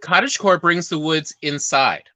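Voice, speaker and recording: Bright-voiced hesitant woman. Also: sits low, moderate pace, dry recording. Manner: hesitant, searching for words. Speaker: podcast co-host. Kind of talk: casual chat.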